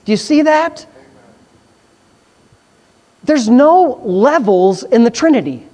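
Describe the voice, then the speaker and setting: A pastor, preaching in a conversational, animated way, with asides and quick questions to the congregation. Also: mid-range voice. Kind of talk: sermon.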